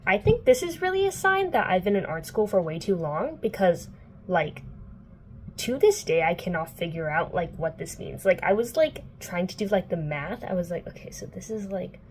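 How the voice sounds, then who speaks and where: A woman's voice: fairly low pitch, big pitch swings, normal speed, a little hiss or hum. Chatty young woman recapping a book. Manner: chatty, filler-heavy, playful quoting of characters. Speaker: book vlogger.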